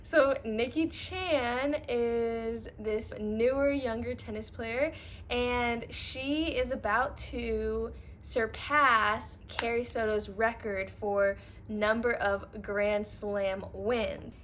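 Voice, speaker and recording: A woman's voice: a little high, fairly even intonation, drawn-out words, fairly bright tone, slight background noise. A young woman talking casually and gushing about books, with lots of filler words. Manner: gushing, filler-heavy chatter. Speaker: book reviewer. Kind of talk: casual reading recap.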